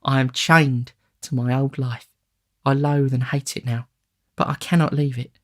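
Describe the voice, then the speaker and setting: A man's voice: mid-range voice, steady tone, unhurried, pitched above the performer's own voice, lightly acted. A man voicing a frightened young woman of the streets in an audiobook, pleading and tearful. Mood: anguished.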